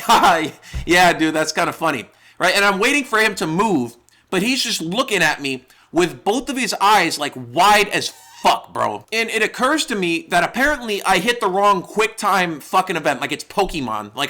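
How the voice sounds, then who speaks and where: A man's voice: high voice, expressive, moderate pace, bright, forceful tone. A young man from New York narrating a comedic storytime with profane, exaggerated, rambling humor. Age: young adult. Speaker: YouTuber.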